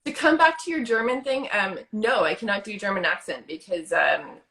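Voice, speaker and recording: A middle-aged woman with a medium-pitched voice co-hosts a relaxed podcast. She talks in an easygoing way and giggles often, speaking over a video call. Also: normal speed. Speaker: podcast co-host. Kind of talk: casual chat.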